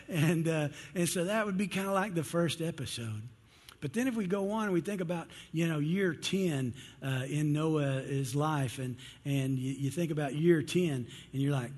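A male pastor delivers a sermon to a church congregation, telling a story and playing its characters himself. His voice sits a little high and slightly husky. It rings out in a reverberant church hall. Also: moderate pace.

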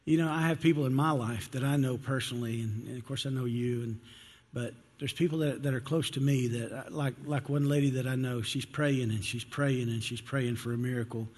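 A man's voice: medium pitch, steady tone, a little fast, few pauses, a little mellow, husky, in a large hall. A man pastor praying and then opening a sermon, earnest and emotional, often repeating himself and restarting. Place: church sanctuary.

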